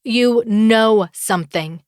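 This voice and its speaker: A woman's voice: on the high side, measured pace, dry recording, studio quality, close to an everyday voice. A woman narrator voicing a fierce, angry young woman who accuses her rival and demands answers in an audiobook. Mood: accusing.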